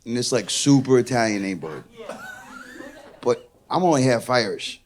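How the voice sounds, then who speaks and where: A young man with a Queens, New York accent does a brash, swearing stand-up set in a comedy club, telling an exasperated story to a live audience whose laughter fills the room. His voice is medium-pitched and expressive, at a moderate pace.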